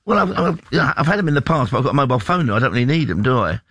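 Male radio co-host from England, quick and rambling, close dry studio sound. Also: mid-range voice, lively intonation, a bit bright, husky, no room sound. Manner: chatty, rambling storyteller, reads news items aloud. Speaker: radio presenter. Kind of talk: casual breakfast radio chat.

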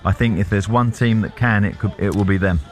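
A man's voice: lowish voice, a little fast, faint music behind. A man co-hosting a sports radio show, chatting and joking in a loose, laughing way. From West Country, England. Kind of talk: casual studio banter.

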